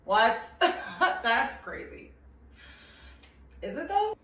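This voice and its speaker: A woman's voice: on the high side, big pitch swings, very slow, a bit bright, recorded from a distance, exaggerated voice. A woman putting on a bubbly flirty teacher. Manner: bubbly and playful. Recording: echoey room from off-mic.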